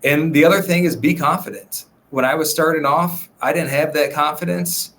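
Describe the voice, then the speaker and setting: A man who works as a real estate agent, a podcast guest chatting in a relaxed, rambling way with many fillers. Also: fairly high pitch, moderate pace, a little hiss or hum. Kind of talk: casual podcast conversation.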